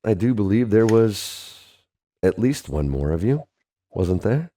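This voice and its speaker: A polite, formal ship captain, as a game master puts him on, speaking in a low, mellow voice with genteel phrasing. He is a tabletop game figure, not a heavily altered voice. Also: sing-song, measured pace. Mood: courtly.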